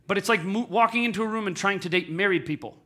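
A man's voice: high-pitched, quick pace, sharp tone, a little hiss or hum. A man in his thirties giving a candid, self-deprecating talk to a live audience, often asking the crowd questions. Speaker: speaker at a live event.

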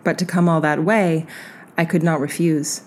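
Woman reading an essay out loud, slow and thoughtful, lowish voice. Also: steady tone, a little hiss or hum. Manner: slow, measured, reflective. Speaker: reader.

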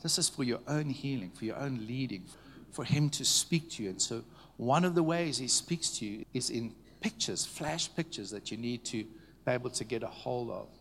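A man preaching to a congregation, telling stories in a conversational way, checking in with the listeners and dropping to a hushed tone at tender moments. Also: mid-range voice, animated, normal speed, vocal fry, slight background noise. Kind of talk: storytelling sermon. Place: church meeting before a live audience.

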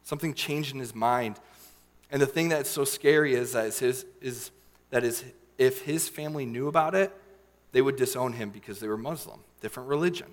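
A young man telling a personal story in a sermon, earnest and emotional, with many fillers and pauses. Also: medium pitch, long reverb tail. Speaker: youth leader giving a sermon.

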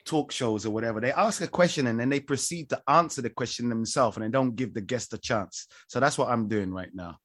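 A man co-hosting a podcast who talks in loose, rambling bursts. He jokes around and laughs often, with a voice of ordinary middle pitch. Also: fairly quick, few pauses, fairly bright tone, no echo, clean studio sound. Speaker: podcast co-host. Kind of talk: casual chat.

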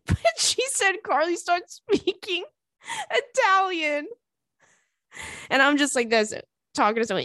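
A young woman hosting a podcast in casual chat, animated and profane, laughing often between thoughts. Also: sits high, slow, pauses often, dry recording, clean studio sound. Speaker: podcast host.

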